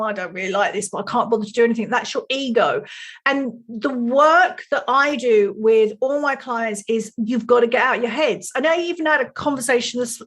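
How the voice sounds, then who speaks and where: Blunt, swearing middle-aged woman coach. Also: fairly high pitch. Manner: blunt, profane, animated. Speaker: life and sex coach. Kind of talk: casual podcast interview.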